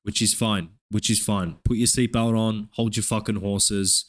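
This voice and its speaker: Low-voiced man hyping live trades. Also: moderate pace. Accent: Australian. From Australia. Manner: profane, hyped play-by-play with excited oohs. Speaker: live-streaming futures trader. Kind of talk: live trading commentary.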